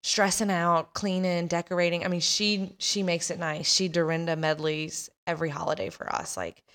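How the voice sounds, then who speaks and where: A woman's voice: fairly low pitch, flat delivery, moderate pace, a bit bright. Chatty woman telling a story. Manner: chatty, laughing, acts out voices. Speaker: podcast host telling a story. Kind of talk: casual storytelling.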